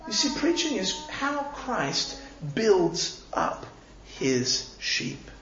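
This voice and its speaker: A man's voice: high voice, huge pitch swings, drawn-out words, crowd noise. A man preaching a sermon as pastor, earnest and pleading, often repeating words as he goes. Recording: echoey, slightly dull room recording.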